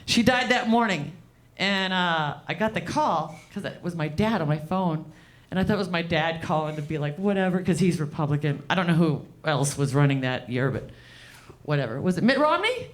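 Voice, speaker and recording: A woman performing a stand-up comedy set, deadpan and profane, riffing with the crowd from a club stage. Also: fairly low pitch, moderate pace.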